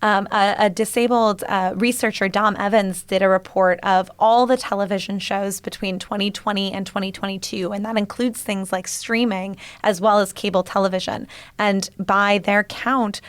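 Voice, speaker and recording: A woman co-hosting a studio podcast, her voice raspy today, upbeat and sharing facts and statistics. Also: medium pitch, fairly even intonation, normal speed, hardly any pauses, dry recording. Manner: upbeat, informative, shares statistics. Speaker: podcast co-host. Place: radio studio.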